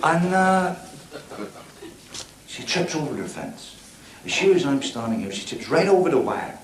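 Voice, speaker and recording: In a television drama, an actor plays a cocky, crude stand-up comic with a Belfast accent, giving bawdy patter to a club audience in a cheeky mood. His voice sits on the high side with big pitch swings at a measured pace, recorded in an echoey room with loud background noise.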